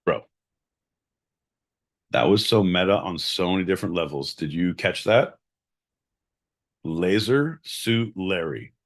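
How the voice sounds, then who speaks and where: A man's voice: low voice, animated, slow, pauses often. Crude, boisterous podcast host man. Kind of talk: casual podcast chat.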